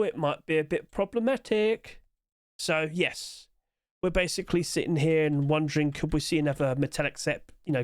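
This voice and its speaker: A man's voice: fairly high pitch, dry recording, clean studio sound. A man giving casual, rambling solo commentary on game skins, chuckling to himself as he goes. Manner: quick-talking, trying to rush through.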